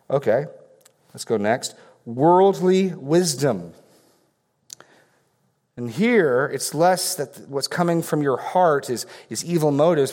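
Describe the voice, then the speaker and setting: A male pastor preaching in a room with a long, lingering reverb. His voice sits at an ordinary middle pitch. He reads verses aloud, then explains them with pointed questions. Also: a little mellow. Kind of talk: sermon.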